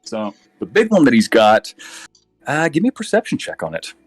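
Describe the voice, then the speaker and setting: A man narrating as game master in a tabletop game, relaxed, with frequent fillers and self-corrections. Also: mid-range voice, normal speed, slightly rough, dry recording, faint music behind.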